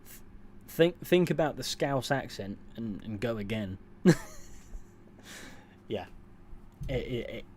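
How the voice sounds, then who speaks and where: A man's voice: mid-range voice, expressive, takes it slowly, long pauses, darkish tone, a little hiss or hum. A man streaming, casually reading out chat comments and answering them in a dry, offhand way. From England.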